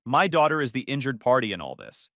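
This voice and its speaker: A woman's voice: very deep voice, big pitch swings, fast talker, fairly bright tone, no room sound, studio quality, exaggerated voice. A man voicing a judgmental middle-aged mother with a fake-sweet, scolding manner. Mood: indignant.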